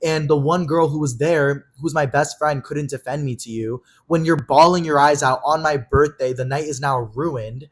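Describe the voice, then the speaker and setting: A man's voice: a little high, steady tone, moderate pace, hardly any pauses. A man co-hosting a podcast, telling a heated personal story in casual, profanity-laden chat. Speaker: podcast co-host.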